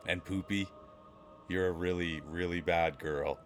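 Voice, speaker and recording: A man voicing a sultry romance-novel narrator, reading in a slow, hushed, drawn-out way. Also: low-pitched, fairly even intonation, soft background music, pitched below the performer's own voice. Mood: stern.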